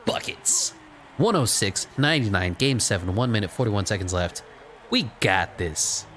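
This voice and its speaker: A man with a fairly low voice that jumps all over the place as he narrates his own video game match. He's sarcastic and quick to mock, then suddenly excited when a play goes his way, in a casual, unscripted running commentary. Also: slight background noise.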